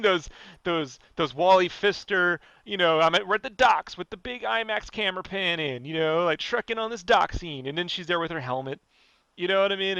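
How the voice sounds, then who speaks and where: High, bright-voiced ranting man. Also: clean tone, no room sound, lo-fi sound. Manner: animated, profane, ranting. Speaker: podcast guest. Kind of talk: casual podcast rant.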